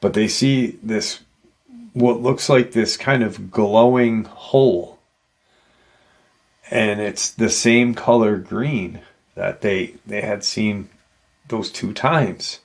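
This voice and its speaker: A man's voice: on the low side, slow, gravelly. A man hosting a paranormal channel, casually retelling an encounter story in a rambling way with many "you know" asides.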